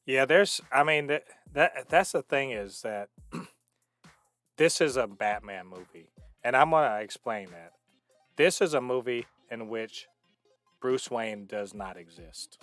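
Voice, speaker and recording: Male co-host, emphatic explainer, mid-pitched, dry close mic. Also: animated, measured pace, a bit bright, no echo, faint music behind. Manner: emphatic, explains with many restarts. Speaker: podcast co-host. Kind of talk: casual movie review chat.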